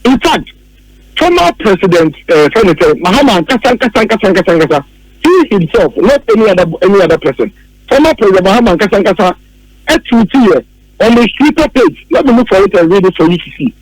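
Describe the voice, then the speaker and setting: A man's voice: high voice, big pitch swings, fairly quick, no room sound, poor audio. A man with a Ghanaian English accent giving heated political commentary on the radio, emphatic and repeating his key phrases.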